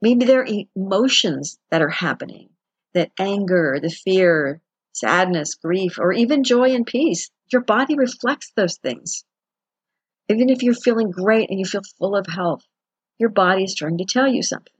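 A woman's voice: mid-range voice, lively intonation, normal speed, slightly rough, no echo. A woman giving a chatty, conversational self-help talk as a wellness teacher. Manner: chatty, conversational, acts out quotes with laughs.

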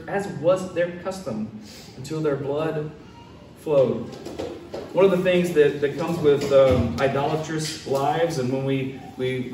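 A man's voice: a little high, a little hiss or hum. A man preaching a casual sermon, retelling a story and acting out the quotes in voices. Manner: animated, acts out quotes in character voices. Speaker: pastor. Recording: echoey room, mic at a distance, faint ambience.

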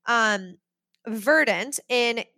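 A young adult woman hosting a solo podcast, talking in a chatty, animated way and often checking in with "okay?" and "right?". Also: a little high, extremely slow, no echo, studio quality. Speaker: podcast host. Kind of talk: solo podcast monologue on money mindset.

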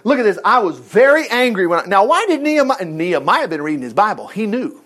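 A man preaching a sermon, retelling a Bible story in a folksy, animated way with quick asides. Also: sits high.

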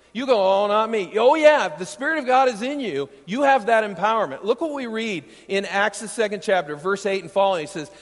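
A man from Iowa preaching a sermon as pastor, emphatic and animated, often checking in with his listeners with rhetorical questions. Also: sits high. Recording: long reverb of a large hall.

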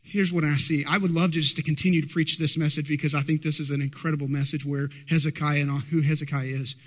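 A man's voice: a little high, flat delivery, fast. A man preaching a sermon as pastor, emphatic and asking the congregation rhetorical questions. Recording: long hall reverb.

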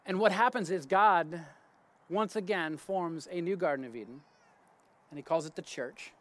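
A man's voice: high voice, normal speed. A man giving a casual spoken Bible teaching outdoors in his garden. He talks conversationally, restarts his sentences and checks in with "right?".

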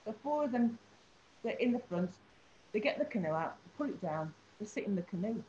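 A woman's voice: mid-range voice, brisk. A woman, a teacher, telling an anecdote in an interview and acting out the people in it. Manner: animated storytelling, acts out the people she describes. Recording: slightly dull recording with faint background hum.

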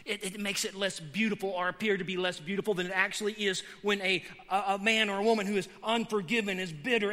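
Bright high-pitched man preaching in a reverberant hall. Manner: emphatic preaching, repeats key words, rises in pitch and force when pressing a point. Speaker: pastor. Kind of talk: sermon. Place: large church sanctuary.

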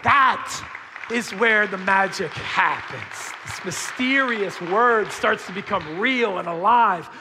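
A man preaching a sermon as pastor, conversational and full of slang, swinging between hushed and shouted emphasis. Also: sits high, animated, slow, long reverb tail, crowd noise, background noise.

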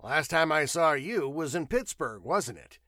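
Man reading as a hearty traveling salesman, cheerful, chatty, lively pitch, higher and louder than the narration, dry close sound. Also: unhurried, no room sound, exaggerated voice. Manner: hearty, rattles on.

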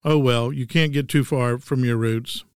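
A man in his sixties speaks with a Texan accent, delivering a scripted solo monologue with dry, wry humor. His voice is smooth and resonant at an ordinary pitch, recorded dry with no room sound. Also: steady tone, moderate pace, no echo. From Texas. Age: 60s. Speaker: host.

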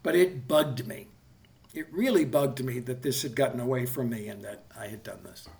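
A man's voice: mid-range voice, normal speed, gravelly, a little mellow. A man in his sixties, a TV producer guesting on a podcast, telling a rambling story full of restarts and swearing. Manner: rambling, self-correcting, swears freely. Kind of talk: casual anecdotal storytelling.

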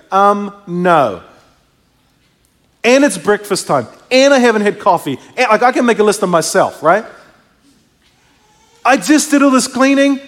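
High-voiced preacher in a reverberant hall. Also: male voice. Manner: conversational, animated preaching with asides. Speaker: pastor. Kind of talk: sermon.

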